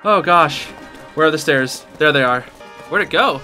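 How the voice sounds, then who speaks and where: A man's voice: fairly high pitch, lively intonation, moderate pace, bright, forceful tone. A young man giving casual live commentary while playing a video game, yelping and laughing under pressure and saying dude and bro. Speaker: gaming channel host. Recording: game music behind voice. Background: game music.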